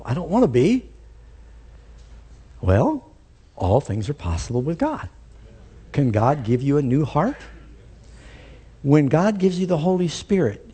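A male pastor delivering a sermon in an animated preaching manner that rises to emphatic peaks. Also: a little high, husky.

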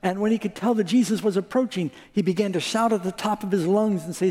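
A man preaches fast with few pauses, his voice high and mellow. He dramatizes his stories by acting out each character's voice and asks the congregation for amens. The hall adds a long reverb.

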